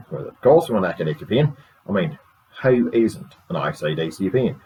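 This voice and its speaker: A man voicing a relaxed, rambling radio guest. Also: normal speed, low-quality recording. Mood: easygoing. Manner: relaxed, rambling, low-key. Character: laid-back Australian man, chatty radio guest.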